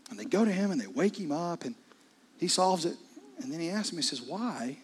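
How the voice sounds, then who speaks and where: A man preaching a sermon in a conversational, intimate way, often dropping into hushed asides. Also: on the high side, animated, quick pace, slightly rough. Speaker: pastor.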